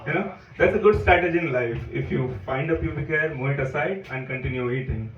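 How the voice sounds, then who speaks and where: A man in his thirties from India with an Indian English accent, performing a deadpan stand-up comedy set in a comedy club, with the audience laughing behind him. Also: mid-range voice, brisk. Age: 30s. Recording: echoey, dull room sound picked up from far off with noise.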